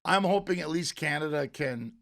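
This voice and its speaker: A man who is a guest comedian on a podcast, telling animated stories in casual banter and laughing often. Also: a little high, moderate pace, vocal fry.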